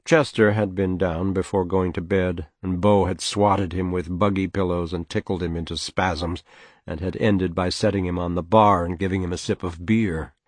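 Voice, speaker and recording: A man narrating a novel as an audiobook in a measured, even storytelling manner. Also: low-pitched, no echo.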